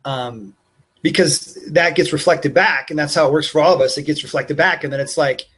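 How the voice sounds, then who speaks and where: A man, the host and a life coach, reflecting back on a guest's story in a slow, considered way. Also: fairly high pitch, fairly bright tone, husky. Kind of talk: coaching conversation.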